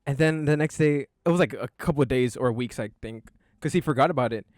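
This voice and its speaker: A man's voice: mid-range voice, quick pace, no room sound. A young man hosting a casual podcast, telling a story in a rambling way full of fillers. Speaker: podcast host.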